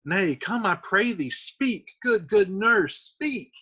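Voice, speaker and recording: Man doing a pleading lovesick young girl, high and sharp, lively swings, muffled lo-fi sound. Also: takes it slowly, breathy edge, full character voice. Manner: pleading, insistent. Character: anxious impatient young girl in love. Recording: muffled lo-fi recording.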